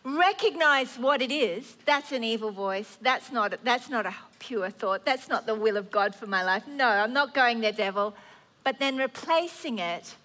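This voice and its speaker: A woman in her fifties preaching a sermon, earnest and animated, acting out prayers and worries aloud. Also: a little high, moderate pace, few pauses.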